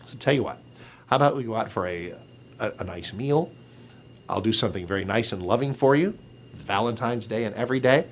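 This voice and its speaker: A man, a radio talk show host, giving an opinion video blog monologue in a sarcastic, mocking way, swinging between loud scorn and low asides. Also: brisk, a little hiss or hum.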